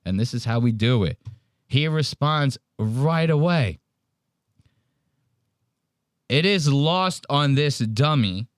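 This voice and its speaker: Brief: mid-pitched male host, crude and teasing, dry close sound. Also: smooth, no room sound. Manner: profane, mocking, storytelling. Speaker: podcast host. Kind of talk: casual podcast chat.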